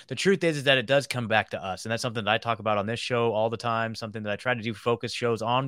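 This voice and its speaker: A man's voice: medium pitch, fairly bright tone, dry recording, clean studio sound. A man hosting a podcast, laid-back and agreeable, peppering his speech with casual slang. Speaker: podcast host. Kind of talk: casual chat.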